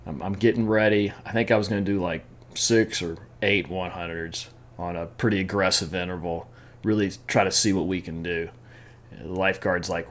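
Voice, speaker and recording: Low-voiced man telling training mishaps. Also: steady tone, normal speed. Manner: chatty, laughs while telling mishaps, repeats words. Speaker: amateur triathlete vlogger. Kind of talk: casual storytelling vlog.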